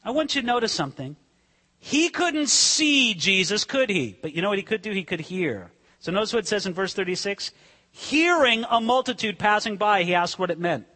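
A man preaching a sermon, swinging between hushed, slow asides and sudden dramatic shouts. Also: high-pitched, big pitch swings, breathy edge, in a large hall. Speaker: pastor.

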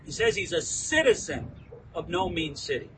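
A man teaching the Bible outdoors as a pastor, lively and acting out quoted lines. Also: on the high side, normal speed, recorded from a distance, slight background noise, rough recording. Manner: animated, acts out quoted lines. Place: outdoors within view of a landmark hill.

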